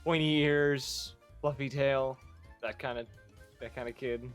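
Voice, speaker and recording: A man voicing a small, scruffy male kobold who is prickly and quick to take offense, in a tabletop game. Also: mid-range voice, steady tone, soft background music, close to an everyday voice. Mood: questioning.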